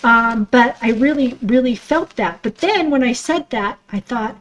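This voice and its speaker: A woman's voice: on the high side, lively intonation, a little slow, dull audio. A middle-aged woman hosting a podcast, talking in a raw, emotional personal monologue, swearing freely and acting out her own thoughts, with a stuffy nose. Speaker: podcast host.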